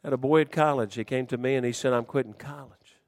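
A man preaching a sermon in folksy dialect, swinging between shouted warnings and hushed, quiet storytelling. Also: medium pitch, steady tone, fast talker, no echo, clean studio sound.

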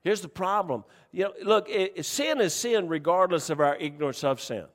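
Folksy preacher with high voice. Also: male voice, lively intonation, moderate pace, long reverb tail. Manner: folksy storytelling preacher, jokes with congregation. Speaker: pastor. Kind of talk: sermon.

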